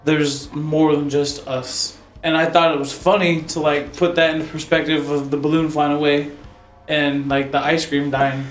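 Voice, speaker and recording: A man's voice: on the high side, little pitch movement, normal speed. Rambling young man in an echoey room. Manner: rambling, laughs often, many fillers. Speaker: podcast co-host. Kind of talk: casual chat. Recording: echoey room with faint music.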